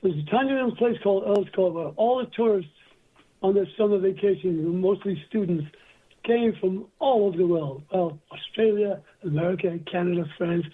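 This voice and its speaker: A man's voice: high voice, moderate pace. An older man from England, a guest telling rambling stories in an interview, recorded over a phone line. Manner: rambling anecdotal storyteller. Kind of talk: storytelling interview.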